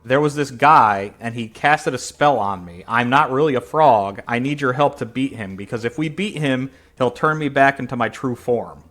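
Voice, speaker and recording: A man's voice: mid-range voice, normal speed, few pauses, fairly bright tone, soft background music, lightly acted. A man doing a little cursed frog asking for help. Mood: pleading. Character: small cursed frog, a man under a spell, pleading.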